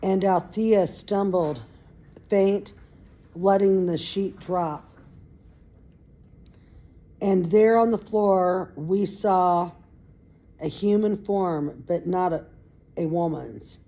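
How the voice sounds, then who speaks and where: Amateur read-aloud, woman, low, mellow and very unhurried, trips over words and fixes them. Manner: unpolished read-aloud with stumbles and self-corrections. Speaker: reader. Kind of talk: reading a novel aloud.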